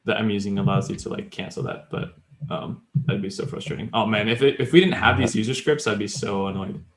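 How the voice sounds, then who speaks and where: A man's voice: on the low side, fairly even intonation, fairly quick, echoey room. A man co-hosting a podcast, chatting casually and explaining grammar step by step with many fillers. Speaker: podcast co-host. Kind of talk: casual language-learning chat.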